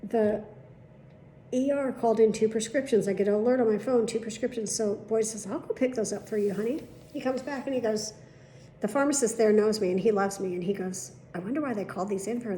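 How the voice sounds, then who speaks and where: A woman's voice: mid-range voice, warm tone, reverberant, a little hiss or hum. A middle-aged woman vlogging casually, telling a long story with plenty of swearing and acted-out dialogue. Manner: chatty, swearing, retelling dialogue. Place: at home.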